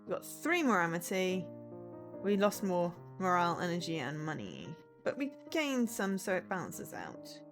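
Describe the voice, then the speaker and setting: A woman's voice: on the low side, moderate pace, music in the background. A woman streaming a visual novel, reading the story aloud and breaking in with chatty asides. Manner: lively, chatty asides between read lines.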